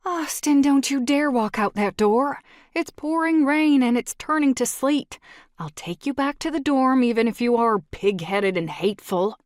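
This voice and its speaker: A woman's voice: fairly high pitch, measured pace, dry recording, clean studio sound. A woman voicing a stubborn young college woman who pleads in a raised, urgent voice. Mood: pleading.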